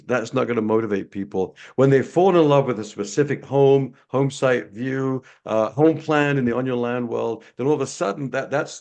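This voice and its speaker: Gravelly-voiced man giving a sales webinar. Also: mid-range voice, darkish tone. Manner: storytelling, repeats words when restarting. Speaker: webinar host, sales trainer. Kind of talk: casual webinar talk.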